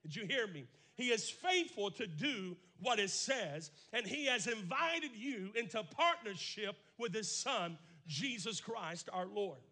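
Pastor, male, high and bright, preacherly delivery, swells from hushed to shouting. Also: animated, measured pace, hardly any pauses. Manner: preacherly, swings from quiet to shouting; repeats phrases for emphasis. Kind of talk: sermon.

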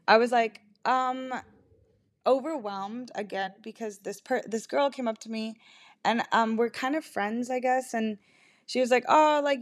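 A young woman hosting a podcast, telling a rambling, self-deprecating story in casual confessional talk, full of "like" and swearing. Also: medium pitch. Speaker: podcast host.

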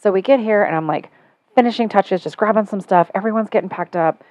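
A middle-aged woman hosting a casual podcast chat, telling a story with animated, sarcastic energy and getting louder as she goes. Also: mid-range voice, brisk, no echo. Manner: animated storytelling, sarcastic when quoting herself.

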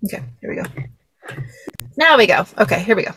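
A woman's voice: medium pitch, expressive, quick pace, background noise. A young woman hosting a podcast, chatting casually and laughing, with many fillers. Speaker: podcast host. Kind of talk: casual chat about a film.

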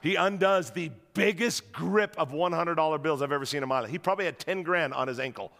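Guy preaching a sermon, lively storyteller, bright gravelly voice, echoey big hall. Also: fairly high pitch, brisk. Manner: animated storytelling, rousing the crowd. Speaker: guest pastor. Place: large church auditorium. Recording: reverberant large auditorium.

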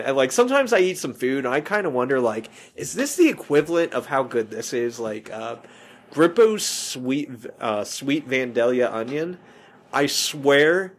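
A man hosting a movie podcast in casual chat, rambling and often correcting himself. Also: on the high side. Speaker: podcast host.

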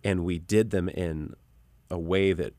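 A pastor and musician speaks as a guest in a conversational interview, earnest and reflective, frequently restarting sentences. His very low, dark voice is steady and a bit slow, recorded dry and close with no room sound at all.

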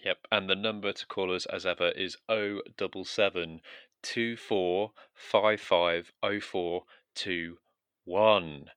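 Man, bright, dry close sound. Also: low voice, fairly even intonation, slow pace, clean tone, dry recording. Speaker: podcast co-host. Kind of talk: comedy podcast banter.

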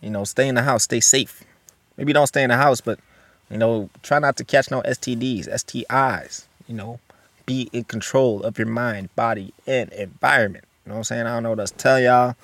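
A young male podcast host rambles through his thoughts, blunt and heavy on profanity and fillers. His voice sits in an ordinary middle pitch. The sound is dry and close, with no room echo. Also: steady tone, a little fast, a bit bright. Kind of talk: solo podcast commentary.

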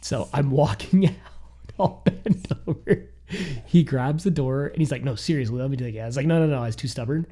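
A man's voice: medium pitch, fairly quick. A man in his thirties telling a personal story in a casual chat, acting out what he and others said. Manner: animated, quotes himself and others.

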